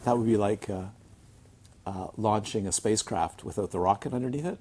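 Mellow-voiced man giving a Dharma talk. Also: lowish voice, a little fast, husky. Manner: conversational, checks in with listeners, tells funny anecdotes. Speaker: Buddhist teacher. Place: retreat centre.

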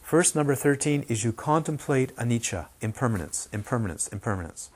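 A man's voice: mid-range voice, lively intonation, brisk, husky. A man teaching meditation in a dharma talk, repeating key words for emphasis and sometimes dropping to a whisper. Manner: repetitive, emphatic, drops to a whisper in quotes.

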